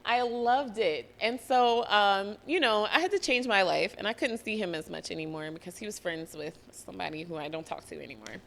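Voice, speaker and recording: A woman's voice: mid-range voice, a little fast, gravelly, hardly any pauses, fairly bright tone, slight background noise. A young woman hosting a solo podcast, telling a personal story candidly, swearing freely and close to tears at times. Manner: candid, swears freely, laughs and nearly cries. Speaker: podcast host.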